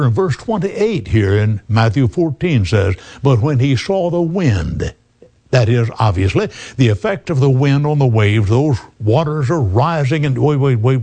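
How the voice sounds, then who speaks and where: A man's voice: medium pitch, a little mellow. A man preaching a radio sermon, emphatic, addressing the listener as friend.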